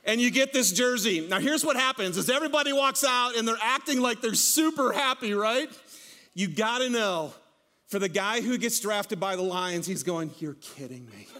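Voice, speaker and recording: A man preaching a sermon to a congregation, telling stories in an animated, joking way. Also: very high-pitched, moderate pace. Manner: animated, jokey storytelling with laughs. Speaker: pastor.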